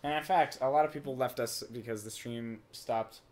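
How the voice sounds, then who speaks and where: A hoarse young man in his late teens chatting and joking on a livestream. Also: mid-range voice, moderate pace, a little mellow. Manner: jokey interjections. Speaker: co-host. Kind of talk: casual chat.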